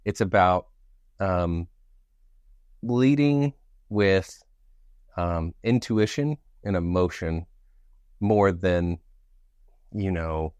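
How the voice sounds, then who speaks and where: A young man co-hosting a podcast in casual chat, playful and jokey with sudden animated outbursts. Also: low-pitched, drawn-out words, long pauses, smooth, no room sound, muffled recording. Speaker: podcast co-host.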